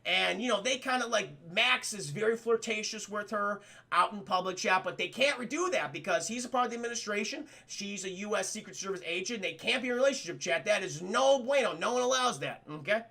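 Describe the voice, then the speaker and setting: A young man streaming a rambling film review to his chat, with a very high voice that has a gravelly edge. He talks loosely, swears freely and breaks into laughter, with a bright, sharp tone. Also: lively intonation, a little fast. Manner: rambling, profane, addresses chat often, laughs a lot. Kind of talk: casual spoiler review chat.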